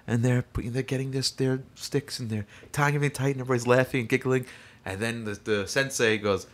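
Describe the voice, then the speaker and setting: A young man in casual chat, telling a lively story and acting out the voices of people in it. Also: medium pitch, fast talker. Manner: animated, acts out voices in stories.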